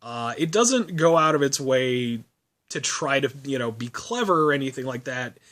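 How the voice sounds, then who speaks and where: A man's voice: mid-range voice, expressive, moderate pace, a bit bright. A man reviewing a film in a casual vlog, rambling, laughing often and swearing.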